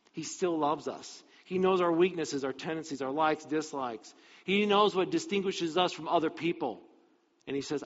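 Animated male pastor in a reverberant hall. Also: on the high side. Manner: animated, acts out scripture dialogue. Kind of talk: sermon. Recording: dull, reverberant hall sound.

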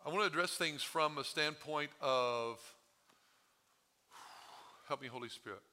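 Hoarse pastor preaching a bright sermon. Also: male voice, on the high side, a little slow. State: strained voice from overuse. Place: church sanctuary.

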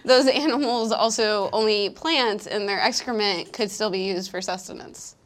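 A woman's voice: medium pitch, moderate pace. A woman playing in a comedy improv game, inventing story twists with a giggle. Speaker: improv player. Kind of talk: casual comedy banter.

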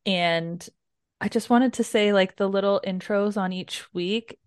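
A woman co-hosting a casual book club podcast, recapping chapters in an animated way and swearing freely. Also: medium pitch, measured pace, clear, resonant tone, dry recording, studio quality. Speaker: podcast co-host.

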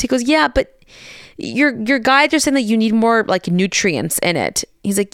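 A woman in her thirties casually telling her followers a story, chatty and animated, swearing now and then and quoting the people in it. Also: on the high side, normal speed, clear, resonant tone, no room sound, studio quality. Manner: chatty, animated retelling with swearing and quoted voices.

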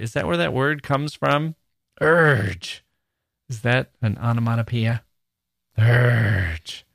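A man hosting a podcast about poetry, talking in an animated way and acting out rhythms with nonsense syllables. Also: lowish voice, gravelly, dry recording. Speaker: podcast host.

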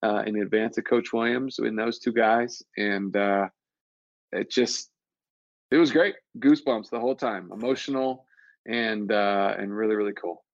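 A man's voice: fairly low pitch, steady tone, normal speed, dry recording, highs cut off. A man talking earnestly and reflectively in a casual chat, often restarting his sentences. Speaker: podcast guest, former player.

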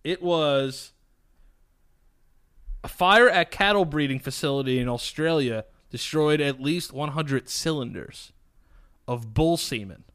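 A man's voice: a little high, measured pace, pauses often, fairly bright tone, smooth. A man co-hosting a podcast, laid-back and crude, in casual banter. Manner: laid-back, crude humor, lots of "yeah" and "dude". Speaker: podcast co-host.

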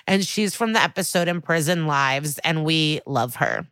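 Woman, podcast co-host, casual recap, lowish pitch, dry close sound. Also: a bit bright, clear, resonant tone, no echo. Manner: chatty, quotes characters in quick voices, laughs often.

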